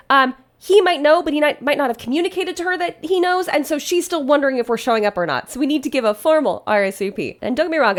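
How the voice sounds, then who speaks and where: Chatty high-voiced woman wedding planner. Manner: chatty, laughs often, animated. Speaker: wedding planner reacting to posts. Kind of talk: casual reaction commentary.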